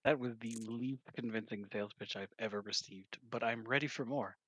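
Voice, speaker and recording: Wry male player, bright tone. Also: medium pitch, moderate pace, slightly rough, no echo, highs cut off. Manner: wry, mock-formal joking. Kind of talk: playful in-character banter. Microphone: online voice call.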